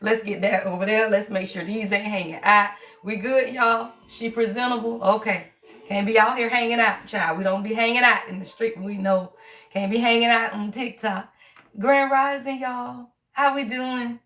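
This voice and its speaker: A woman, hosting a casual live stream as a tarot reader, her voice strained and hoarse, chatty and playful with her viewers. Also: a little high, fairly even intonation, normal speed, a bit bright, rough recording.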